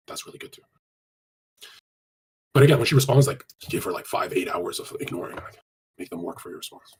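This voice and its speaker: A mid-range, gravelly male voice, a little mellow and breathy at the edges, and animated. He answers chat on a live stream with blunt, crude, casual dating advice and frequent swearing, speaking rapidly in run-on sentences with many fillers.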